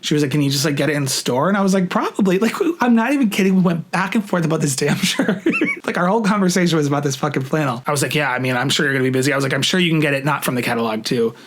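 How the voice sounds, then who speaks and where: A man's voice: fairly high pitch, rapid-fire. A young man vlogging, telling a story in casual talk, swearing freely and acting out what people said. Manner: animated, swears freely, acts out quoted lines.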